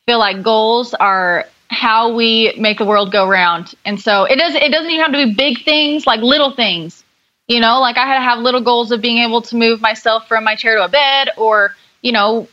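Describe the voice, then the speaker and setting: Bright, upbeat young woman telling her story. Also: a little high, highs cut off. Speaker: guest, motivational speaker. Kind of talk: casual podcast conversation.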